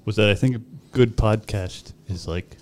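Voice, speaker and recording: A man's voice: on the low side, moderate pace, darkish tone, slight background noise. A young man co-hosting a podcast in casual chat, teasing his partner and musing aloud. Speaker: podcast co-host.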